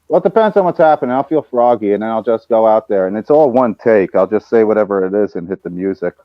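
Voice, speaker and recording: A man, a podcast guest, telling stories in a casual, animated way. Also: lowish voice, fast, dry recording. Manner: storytelling, animated. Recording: dull lo-fi sound.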